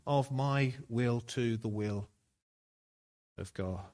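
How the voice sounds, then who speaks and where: A man preaching a sermon, slow and deliberate, building to emphatic peaks. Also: medium pitch, darkish tone.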